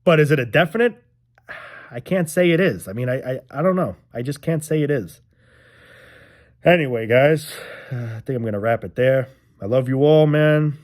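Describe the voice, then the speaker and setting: A man's voice: medium pitch, normal speed, pauses often, a little mellow. A young man ranting casually to his viewers, frustrated and rambling, swearing often and repeating himself. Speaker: vlogger. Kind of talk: casual rant to camera.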